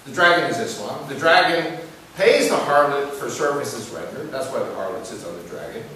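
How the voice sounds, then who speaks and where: A man speaking to a live audience in a preaching style, asking them questions and telling stories with lively emphasis. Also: mid-range voice, moderate pace. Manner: animated, asks the audience questions and tells stories. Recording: echoey room picked up from a distance with hiss.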